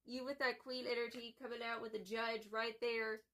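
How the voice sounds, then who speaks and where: Gravelly chatty woman reading tarot. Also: on the high side, moderate pace. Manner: chatty, swears, excitable, calls viewers boo-boo. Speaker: tarot reader.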